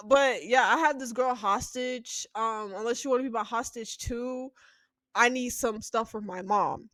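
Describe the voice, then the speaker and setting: A woman co-hosting a podcast, narrating an improvised roleplay casually, animated and swearing freely. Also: a little high, moderate pace, no echo.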